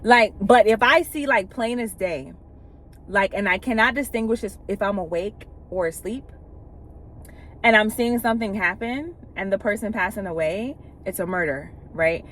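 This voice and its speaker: A woman's voice: mid-range voice, normal speed, fairly bright tone. A woman speaking in a candid, emphatic storytelling manner, with casual profanity, acting out what people said as she recounts scenes, from inside a vehicle away from home. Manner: retells scenes by acting out quoted speech. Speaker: vlogger sharing spiritual experiences.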